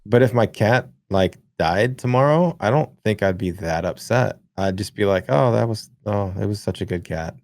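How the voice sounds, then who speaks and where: A man co-hosting a casual gaming podcast who tells rambling, profane stories in an animated way. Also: lowish voice, normal speed, gravelly, few pauses, dry recording. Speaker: podcast co-host.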